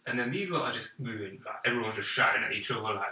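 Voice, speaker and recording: Bright-voiced young man telling a story. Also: mid-range voice, brisk, distant mic. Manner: animated storyteller, acts out quoted voices. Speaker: podcast co-host. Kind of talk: casual storytelling chat. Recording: echoey room, off-mic.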